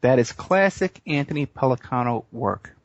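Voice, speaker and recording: A man's voice: medium pitch, animated, normal speed. A man hosting a radio talk show, spinning a long story with many fillers and restarts. His voice sits in a middle range. The sound is dull and lo-fi, with no room echo. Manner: rambling storyteller, frequent fillers. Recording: muffled dry radio audio.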